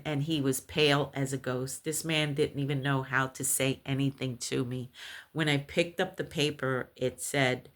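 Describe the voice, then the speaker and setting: A woman recounting a personal paranormal experience, animated and halting, with many restarts when shaken. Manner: animated storytelling, acts out others' voices in high shrieks. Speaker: storyteller.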